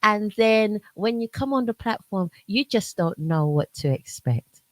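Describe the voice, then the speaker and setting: Lively, slow-talking South London woman host. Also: medium pitch, no echo. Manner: warm gushing praise, frequent laughter. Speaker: radio host. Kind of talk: casual interview chat.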